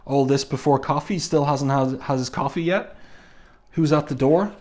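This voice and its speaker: Halting man reviewing a comic. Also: mid-range voice, darkish tone. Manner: halting, with many ums and slow admiring asides. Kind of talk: casual comic review read-through.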